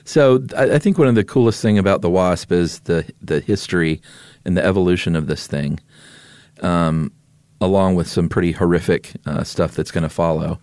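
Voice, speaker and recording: A man with a low, deep voice co-hosts a podcast, explaining facts in a laid-back, joking way. The sound is dry and close on a studio microphone. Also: moderate pace, a little mellow, no echo. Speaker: podcast co-host. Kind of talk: casual chat.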